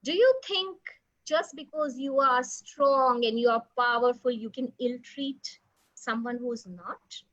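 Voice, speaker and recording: A woman voicing a gentle, wise divine king who teaches kindly in a children's story. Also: high-pitched, unhurried, lo-fi sound. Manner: soft, kind, teaching.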